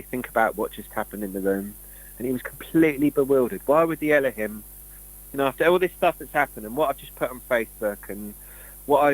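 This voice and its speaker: A man's voice: mid-range voice, poor audio. A man talking casually and rambling through stories, acting out what people said. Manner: rambling, tells stories with acted-out quotes. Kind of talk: casual conversation.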